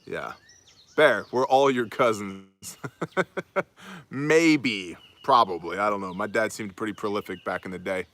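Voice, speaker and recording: Upbeat joking man with a bright voice. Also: lowish voice, measured pace. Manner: joking and upbeat, reading out viewer names. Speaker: host of a live prepper show. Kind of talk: casual livestream chat greeting viewers. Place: outdoors on a homestead.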